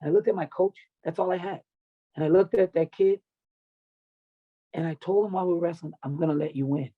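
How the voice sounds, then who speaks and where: This middle-aged man has a high, steady voice and talks fairly quickly as a guest on a podcast. He's a wrestling and MMA coach recounting his life bluntly and emotionally, swearing often. The audio is narrow and tinny.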